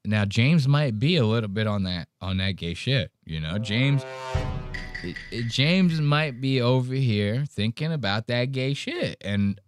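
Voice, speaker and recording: A man's voice: medium pitch, animated, measured pace, soft background music. A man hosting a podcast, riffing crudely and jokingly on video clips in a rambling, profane way. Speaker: podcast host. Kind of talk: crude comedic commentary on clips.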